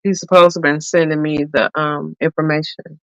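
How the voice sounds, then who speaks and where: A woman co-hosting a casual chat, animated and laughing often. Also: low-pitched, normal speed, no echo, dull audio. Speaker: podcast co-host.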